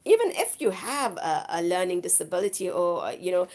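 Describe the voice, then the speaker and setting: A woman hosting a live stream chats casually with her viewers, rambling effusively and circling back to repeat herself. Her fairly low, darkish voice is sing-song and a little fast, and it sounds worn from the flu.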